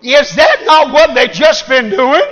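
Shouting high-pitched preacher. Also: male voice, lively intonation, measured pace, highs cut off. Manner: shouting, call-and-response preaching. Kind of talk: sermon.

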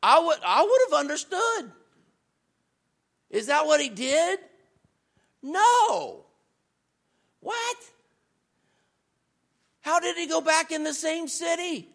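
Man, guest preacher, sermon, very high voice, gravelly, conversational, builds to shouts. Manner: conversational and animated, rising to shouts; reads scripture in a lower, slower voice.

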